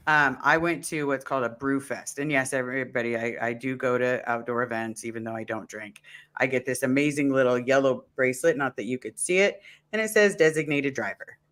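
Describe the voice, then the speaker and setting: Speaking in a bright, forceful, medium-pitched voice, a man chats casually on a live stream. He tells his story earnestly, breaking off to act out what he was thinking.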